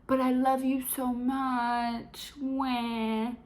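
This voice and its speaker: A woman's voice: high voice, flat delivery, very slow, pitched above the performer's own voice. A woman putting on the voice of a sappy, whiny young man who keeps pleading his love, in a mocking, whimpering tone.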